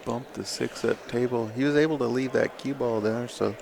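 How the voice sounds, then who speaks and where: Gravelly laid-back pool commentator, man. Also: mid-range voice, fairly even intonation, moderate pace, background noise. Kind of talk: play-by-play commentary.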